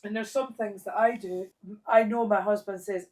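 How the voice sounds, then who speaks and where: A woman's voice: medium pitch, steady tone, moderate pace, darkish tone. Blunt, bawdy Scottish woman. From Scotland. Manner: blunt and bawdy, laughing at her own jokes. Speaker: guest. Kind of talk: candid interview talk.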